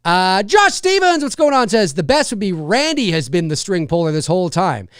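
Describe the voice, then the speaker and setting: A livestream host with a high, clear, resonant voice speaks at normal speed, rambling animatedly about a film with frequent restarts and fillers as he reads viewer comments. The studio-quality audio has no room sound.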